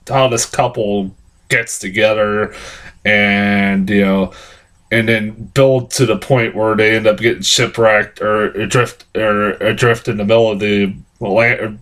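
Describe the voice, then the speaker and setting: A man giving a rambling, casual film review, swearing often and laughing at his own points. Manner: animated, jumps high in pitch when exclaiming.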